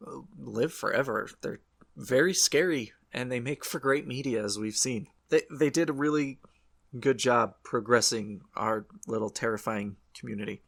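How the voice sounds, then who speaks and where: A man's voice: medium pitch, moderate pace, creaky, a bit bright. A man co-hosting a horror podcast, chatting casually and rambling, correcting his own slips. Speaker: podcast co-host.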